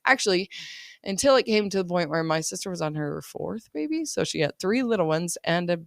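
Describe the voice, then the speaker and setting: A woman's voice: on the low side, lively intonation, fairly quick, creaky, dry recording, clean studio sound. A woman life coach talking casually in a chatty, laughing way, often checking in with "right?". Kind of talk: casual coaching podcast talk.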